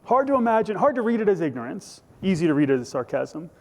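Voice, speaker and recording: A man's voice: high-pitched, very animated, quick pace, darkish tone. A man preaching a conversational, jokey sermon as pastor, acting out voices from the scripture. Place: church sanctuary. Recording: church hall reverb.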